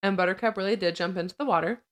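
Talking very fast at a medium pitch, a female podcast co-host gives a chatty film recap. Laughter punctuates her retelling of scenes and bits of trivia.

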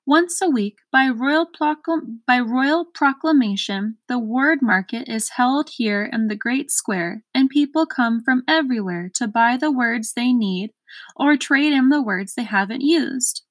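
A woman's voice: a little high, measured pace, dry recording, voice pushed up, rough recording. A woman voicing a pompous, impatient male minister to a king, speaking in a formal, lecturing way.

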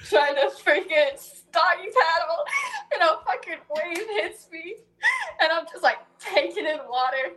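A woman's voice: very high-pitched, unhurried. A woman co-hosting a casual chat, telling stories with lots of laughter and swearing. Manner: animated storytelling, laughing often, swearing. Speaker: co-host.

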